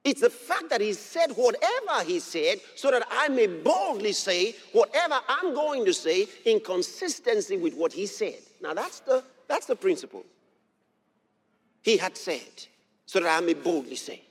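A man preaching a sermon as pastor, emphatic and building to shouts. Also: high-pitched, sing-song, unhurried. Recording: long hall reverb.

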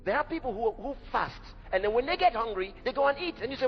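Man, sermon, emphatic, lively swoops, muffled sound. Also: very high voice, brisk, gravelly. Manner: emphatic, dramatic preaching. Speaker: preacher. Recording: dull echoey hall recording with faint music.

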